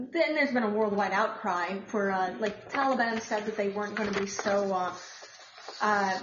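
A woman's voice: medium pitch, echoey room, highs cut off, slight background noise. An American woman hosting a casual podcast, chatting about the news in a rambling way with many filler words. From United States. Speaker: podcast host.

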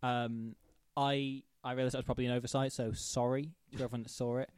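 A man's voice: mid-range voice, little pitch movement, quick pace, a little mellow, clean tone, no room sound. A man hosting a live podcast, rambling with many ums and restarts. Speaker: podcast host.

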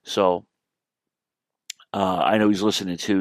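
Low-voiced man, dry close mic. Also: fairly even intonation, moderate pace, dry recording. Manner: heartfelt, rambling with restarts. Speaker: podcast host. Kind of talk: casual chat.

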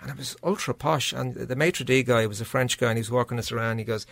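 A man from Dublin with an Irish accent, a guest musician telling lively anecdotes in a radio studio chat. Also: medium pitch, fast talker, gravelly, no echo. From Dublin, Ireland. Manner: animated anecdotal storyteller.

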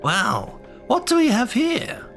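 Witch, female, storybook villain, high and shrill, taunting, put on by a male narrator. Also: huge pitch swings, slow pace, a bit bright, faint music behind, exaggerated voice. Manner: shrill, teasing menace. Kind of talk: horror audio drama narration.

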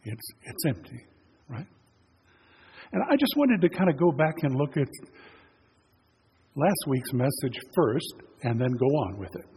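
A man's voice: mid-range voice, darkish tone. Preacher man in an echoing church. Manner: conversational storytelling, retelling scripture in plain words. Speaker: pastor. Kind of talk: sermon. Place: church sanctuary. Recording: long church reverb, faint noise.

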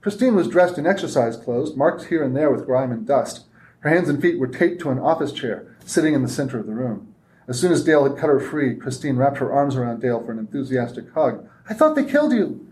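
A man, an author, reading his own fiction aloud with steady, measured narration at a convention reading. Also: medium pitch, slight background noise.

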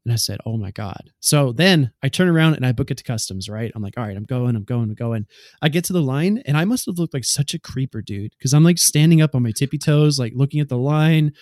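A man's voice: fairly high pitch, lively intonation, quick pace, few pauses, a little mellow, no echo, studio quality. A man co-hosting a podcast, telling a long anecdote in casual chat with many fillers. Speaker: podcast co-host.

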